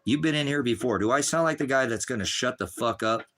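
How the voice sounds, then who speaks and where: A man's voice: mid-range voice, quick pace, fairly bright tone, slight background noise. Profane, agitated middle-aged man ranting. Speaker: livestreamer. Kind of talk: angry livestream rant.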